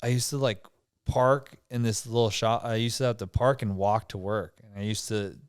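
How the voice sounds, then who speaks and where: A man's voice: lowish voice, fairly even intonation, normal speed, smooth, no room sound, studio quality. A young man hosting a casual podcast chat, rambling with lots of fillers, swearing and laughing easily. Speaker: podcast host.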